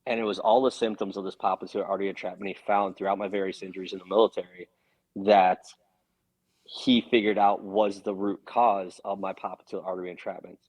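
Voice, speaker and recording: Low-voiced man telling a story. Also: fairly quick, low-quality recording. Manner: earnest, animated storytelling with frequent swearing. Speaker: podcast guest. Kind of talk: casual storytelling.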